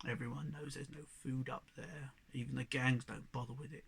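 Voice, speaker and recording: A man voicing a tough young female street cat who talks gruffly and bluntly, with a gravelly voice. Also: mid-range voice, little pitch movement, normal speed, fairly bright tone, exaggerated voice. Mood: scornful. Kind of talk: audiobook character reading.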